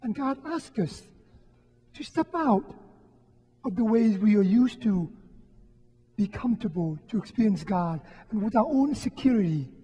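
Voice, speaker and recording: High-voiced priest in a reverberant church. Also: male voice, lively intonation, breathy edge, dull audio. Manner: gentle, reflective, with frequent pauses. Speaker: Catholic priest giving a homily. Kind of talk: sermon. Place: church during Mass.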